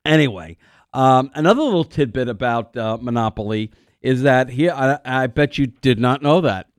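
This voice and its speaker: A man's voice: mid-range voice, animated, normal speed, dry recording. Rambling middle-aged male radio host. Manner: rambling, filler-heavy, restarts often; coughs and clears throat now and then. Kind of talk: call-in radio talk. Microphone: studio microphone.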